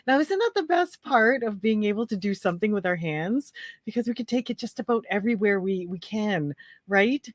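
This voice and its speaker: A Canadian woman hosts a casual livestream, chatting and greeting viewers by name, her throat slightly phlegmy. Her mid-range voice has lively intonation and a brisk pace. The studio-quality recording has no room sound.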